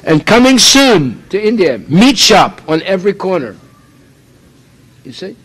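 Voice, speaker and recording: A man's voice: sits high, big pitch swings, unhurried, fairly bright tone, breathy edge, rough recording. A man from the United States preaching a sermon, emphatic and full of rhetorical questions.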